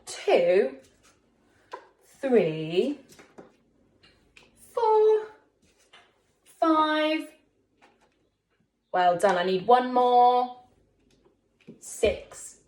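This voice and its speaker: A woman primary school teacher giving a recorded lesson to young children, talking slowly in an encouraging, sing-song way. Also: warm tone. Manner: slow, sing-song, encouraging teacher talk with big pitch swings. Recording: echoey room.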